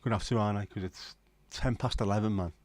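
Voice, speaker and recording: Low-voiced middle-aged man rambling late at night. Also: fairly even intonation, fast, darkish tone. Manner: swearing, rambling banter with chat. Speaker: livestream host. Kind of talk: casual late-night livestream chat.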